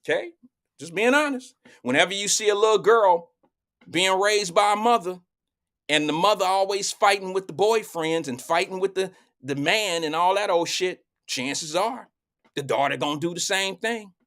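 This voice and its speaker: Man, middle-aged, live talk show host, animated, preachy, colloquial, somewhat high voice. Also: moderate pace.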